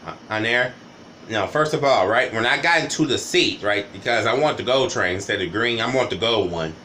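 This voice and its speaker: A man's voice: fairly low pitch, lively intonation, brisk, pushed and bright, a little hiss or hum. A man vlogging a rambling, casual storytime monologue, often tagging "right?" and "you know" onto his sentences.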